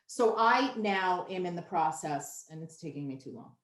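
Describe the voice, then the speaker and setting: A woman's voice: fairly low pitch, animated, moderate pace. A woman in her fifties, a nutritionist guest, talking candidly and emphatically in a casual interview. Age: 50s. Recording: roomy echo.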